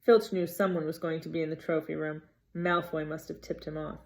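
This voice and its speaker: A woman's voice: sits low, level tone, fairly quick, darkish tone. A woman voicing a bossy schoolgirl, insistent and snappish.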